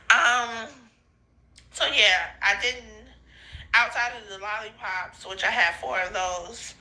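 A high, very bright woman's voice that swings up and down as she rambles into her phone. She drifts between giggles and tears, swears freely and keeps losing her thread. Her pace is slow and drawn out. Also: animated, slight background noise, poor audio. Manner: giggly, crying and laughing, loses her train of thought, swears a lot. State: intoxicated, laughing and crying. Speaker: podcast host sending voice notes. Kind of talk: rambling voice notes to a friend. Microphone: phone voice memo.

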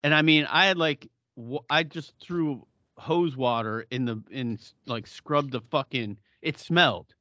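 A man's voice: mid-range voice, a little slow, pushed and bright, no room sound, lo-fi sound. A middle-aged man co-hosting a podcast in casual chat, blunt and profane, often laughing. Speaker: podcast co-host.

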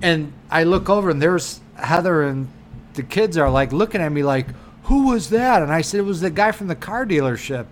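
A man's voice: fairly high pitch, brisk, slight background noise. A man co-hosting a podcast, telling a story in casual chat, swearing constantly and acting out what people said. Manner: animated, swears constantly, acts out quotes. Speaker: podcast co-host.

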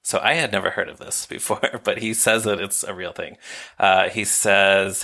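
A man co-hosting a podcast, chatting casually and briskly reading out listener mail. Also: lowish voice, steady tone, pushed and bright. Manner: brisk, reads listener comments aloud. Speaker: podcast co-host.

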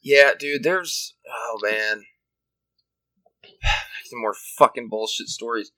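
A man's voice: mid-range voice, slow pace, sharp tone, no echo, poor audio. A young man telling rambling, profane stories in casual chat.

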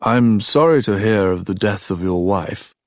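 A man's voice: fairly low pitch, lively intonation, measured pace, dry recording, studio quality. A man doing a cool, unreadable king. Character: mild, guarded older king.

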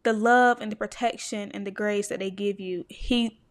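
An earnest young woman talks to her podcast listeners about faith. Her voice sits at a middle pitch and turns emotional as she speaks straight to them. The recording is close and dry. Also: fairly even intonation, normal speed, no room sound. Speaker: podcast host. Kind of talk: personal faith talk to listeners.

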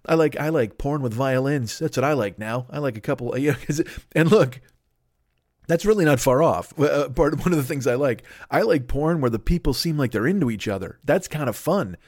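A man's voice: medium pitch, animated, fairly quick, darkish tone, no echo, studio quality. A man hosting a solo comedy podcast, rambling and swearing freely while poking fun at himself. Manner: profane, rambling, self-mocking. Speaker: podcast host.

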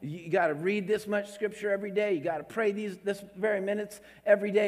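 Male pastor, sermon, emphatic with restarts, somewhat high voice, long hall echo. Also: fairly even intonation, brisk, few pauses. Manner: emphatic, repeats words, swings between loud and hushed.

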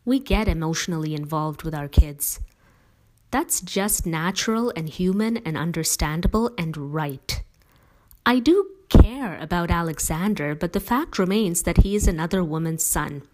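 A woman reads as a devoted, strong-willed middle-aged mother, firm and persuasive with a gently teasing edge. Her voice sits on the low side and her delivery stays emphatic and warm. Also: lively intonation, normal speed, lightly acted.

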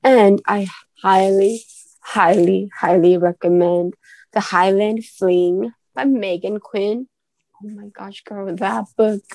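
A woman co-hosting a casual book podcast, gushing and giggly as she talks through a read. Her voice is mid-pitched and recorded close and dry. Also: slow, no echo. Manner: gushing, giggly, animated reviewer. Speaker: podcast co-host.

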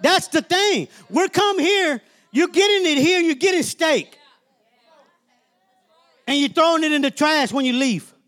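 A man's voice: extremely high pitch, expressive, measured pace, a bit bright. A man preaching a sermon as minister, emphatic and colloquial, often calling out "Amen?" to the congregation.

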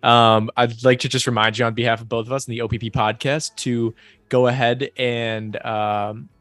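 Young male podcast co-host, relaxed and agreeable, dry close recording. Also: mid-range voice, normal speed, no room sound. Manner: relaxed, agreeable, many short yeahs, retells scenes. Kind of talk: casual chat.

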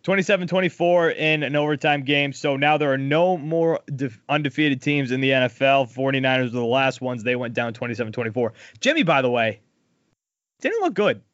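A man co-hosting a casual sports podcast, bluntly recapping the week's football scores with lively opinions. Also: medium pitch, a little fast, no room sound, lo-fi sound. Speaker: podcast co-host.

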